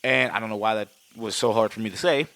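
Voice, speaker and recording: Bright-voiced, swearing male podcaster. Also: on the low side, fast, creaky. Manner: rambling, profane, animated retelling. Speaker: podcast co-host. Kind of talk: casual film recap chat.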